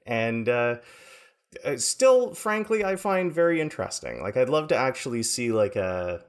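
Low-voiced man co-host, measured. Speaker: podcast co-host. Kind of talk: casual podcast interview.

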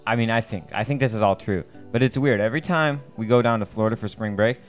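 A man's voice: lowish voice, fast talker, faint music behind. Teen male co-host, casual podcast banter, upbeat, laughs a lot, from Michigan. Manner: chatty, laughs often, upbeat.

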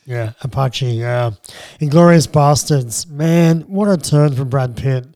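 A man co-hosting a casual film chat, relaxed and bantering. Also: medium pitch, slow pace, no echo. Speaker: podcast co-host.

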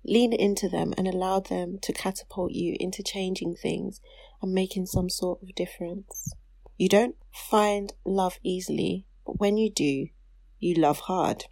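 A woman's voice: on the low side, fairly even intonation, unhurried, creaky, a little mellow, no echo. Heartfelt woman reading her own letter aloud, dry close recording. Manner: heartfelt, turns tearful and laughing while reading. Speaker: podcast co-host reading a letter to her younger self. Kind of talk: casual chat, reading aloud.

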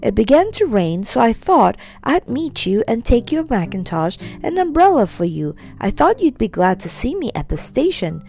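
A woman's voice: a little high, big pitch swings, normal speed, creaky, hardly any pauses, dark tone. A woman voicing a muddled, well-meaning male character who sounds flustered and apologetic.

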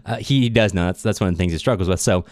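A man hosting a podcast, casually recapping a novel with animated storytelling and frequent laughter. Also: deep voice, dry recording.

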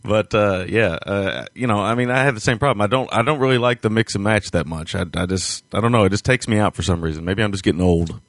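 A man's voice: fairly low pitch, fast talker, few pauses, a bit bright, dry recording. A man co-hosting a film podcast, talking casually with many hesitations and frequent laughs. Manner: rambling, hesitant, laughs often. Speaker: podcast co-host. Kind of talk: casual chat.

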